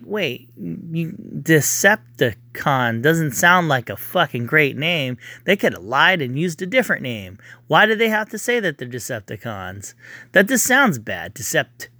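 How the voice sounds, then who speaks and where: A man's voice: fairly high pitch, sharp tone, no room sound. A man in a casual, profane, rambling rant reviewing a movie, sounding exasperated.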